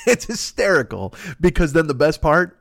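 A man hosting a podcast, telling stories in a rambling, profane, excitable comedic monologue. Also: fairly high pitch, normal speed, vocal fry, no room sound, studio quality. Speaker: podcast host.

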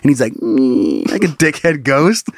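A man's voice: a little high, animated, a little fast, fairly bright tone, dry recording. A man co-hosting a comedy podcast, joking and acting out bits in silly voices in casual chat. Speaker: podcast co-host.

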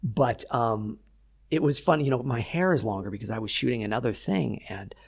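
A man, an actor being interviewed, telling lively behind-the-scenes stories and acting out what people said. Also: medium pitch, normal speed, vocal fry, husky. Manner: animated storyteller, acts out quotes. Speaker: actor guest. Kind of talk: casual interview chat.

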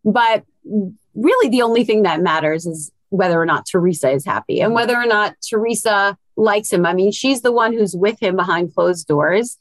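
A woman, a reality show cast member, answering interview questions in a measured way with frequent fillers. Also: medium pitch, lively intonation, no room sound.

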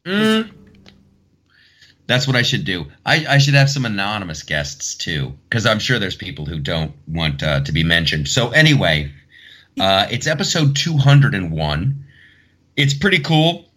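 A man hosting a podcast, rambling through his thoughts in a loose, casual way. His voice sits a bit low but moves around a lot in pitch. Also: a bit bright. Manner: rambling, thinking aloud with restarts. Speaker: podcast host. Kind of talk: casual solo podcast talk.

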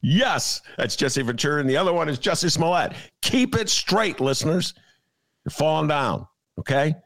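A man's voice: a little high, lively intonation, moderate pace, gravelly, a bit bright, dry recording. A man co-hosting a political podcast, ranting sarcastically about the week's news. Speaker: podcast co-host. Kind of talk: casual political commentary.

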